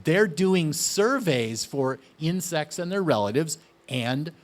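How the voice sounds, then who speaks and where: A man leads a gardening lesson. His voice sits a little high, and he talks in a chatty, excited way. He keeps turning questions back to his audience. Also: takes it slowly. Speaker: gardening speaker. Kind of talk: casual outdoor garden talk.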